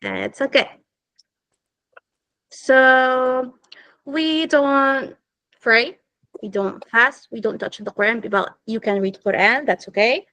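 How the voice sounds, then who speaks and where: Woman, patient children's teacher on a video call, fairly high voice, dry sound. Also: lively intonation, slow pace, pauses often, no room sound, low-quality recording. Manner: gentle, simple, patient explaining to children. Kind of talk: online religious class for girls.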